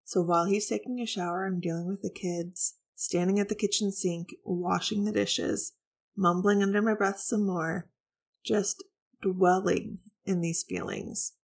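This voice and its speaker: A woman's voice: medium pitch, steady tone, a little slow, vocal fry. A woman hosting a podcast, telling a personal story to her listeners in a candid, reflective, confessional way. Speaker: podcast host.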